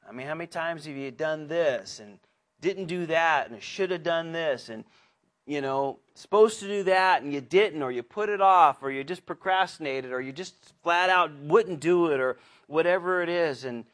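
Male pastor, slightly higher voice, conversational and earnest Bible teacher with rambling asides. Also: a bit bright. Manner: chatty and earnest, with many restarts and asides. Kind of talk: conversational sermon.

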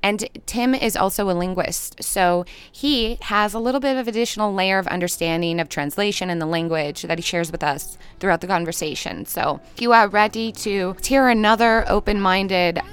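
A woman with a Minnesotan accent, giving a podcast intro in a gentle, earnest, unhurried way. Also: mid-range voice, clear, resonant tone, faint music behind. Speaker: podcast host. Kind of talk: reflective podcast intro monologue.

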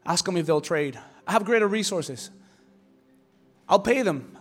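A male pastor preaching a sermon with passion, swinging from hushed lines to shouts. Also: sits high, expressive, measured pace, husky.

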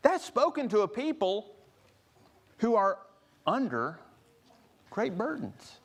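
A man's voice: high-pitched, sing-song, takes it slowly. A man preaching a sermon, earnest, rising to stress each scripture he quotes. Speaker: pastor.

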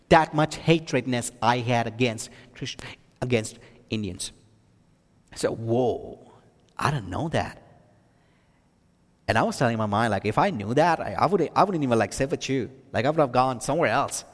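A man's voice: mid-range voice, very animated, moderate pace, big-room sound. A man from Texas telling a testimony as a sermon, with many restarts and fillers, rising to emphatic preaching.

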